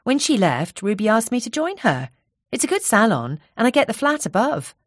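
A woman voicing a chatty, cheerful young hairdresser with a soft Isle of Wight burr, talking in a friendly, bubbly way. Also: fairly high pitch, big pitch swings, moderate pace, dry recording, clean studio sound, voice pushed up.

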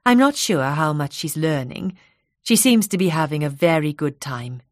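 A woman voicing a newly arrived mother, speaking in a polite, measured and inquisitive way. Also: low-pitched, lively intonation, no room sound, clean studio sound.

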